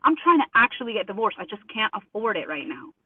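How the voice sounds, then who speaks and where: A woman's voice: on the high side, sing-song, quick pace, breathy edge, dry recording. Woman venting emphatically over a tinny call, dry thin sound, keeps acting out what others said. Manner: emphatic, indignant, quotes others with mimicked voices. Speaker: interview guest. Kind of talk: remote interview over a call. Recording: tinny phone-line audio, dry.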